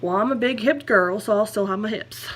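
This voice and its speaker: A woman's voice: medium pitch, fairly quick. A young woman talks candidly in a personal vlog. She rambles and corrects herself. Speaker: vlogger.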